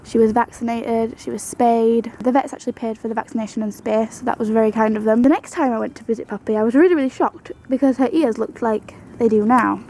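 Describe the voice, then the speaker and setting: A woman's voice: fairly high pitch, fairly even intonation, fast talker, hardly any pauses, warm tone, faint music behind, low-quality recording. A young woman vlogging at home about her pet rabbit in a chatty, fond way, now and then cooing to the animal. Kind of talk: casual storytelling to camera.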